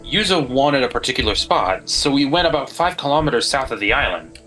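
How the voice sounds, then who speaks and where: A game streamer reading a young companion's lines in a hesitant, questioning way, with a lively voice. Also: mid-range voice, brisk, soft background music, rough recording.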